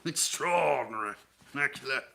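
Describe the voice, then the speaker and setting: A man's voice: mid-range voice, animated, gravelly, pushed and bright, slight background noise. A man voicing a pompous fat nineteenth-century British businessman in a put-on posh English accent. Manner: pompous, drawn-out, theatrical.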